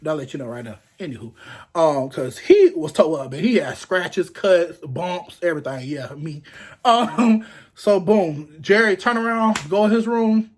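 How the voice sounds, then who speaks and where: High-voiced man telling a lively story. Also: measured pace. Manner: animated, acts out quotes in raised voices, laughs often. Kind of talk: casual storytime vlog.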